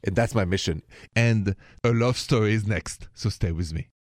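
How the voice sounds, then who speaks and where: A man with a thick French accent hosts a radio talk show, speaking in a low, upbeat voice. He sounds reassuring and laughs easily with callers. His voice is dry and close to the mic. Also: normal speed, dry recording.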